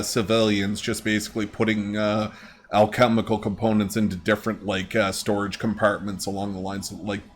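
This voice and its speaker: Laid-back low-voiced game master. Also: male voice, a little hiss or hum. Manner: loose, rambling, swears casually. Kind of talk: narrating a tabletop game, casual.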